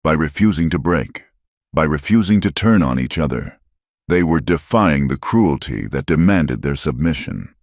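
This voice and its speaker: A man narrating a western story in a grave, measured scripted telling. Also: a bass voice, animated, a little mellow, no echo, clean studio sound.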